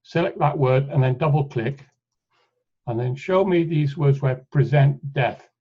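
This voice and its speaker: A man leads an online lecture, walking listeners through a software demo in an unhurried, measured way. He thinks aloud and often breaks off to restart a phrase. His voice sits at an ordinary pitch and comes through a computer mic as dull, lo-fi call audio. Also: breathy edge. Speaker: webinar presenter. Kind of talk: live software demonstration lecture. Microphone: computer mic on a video call.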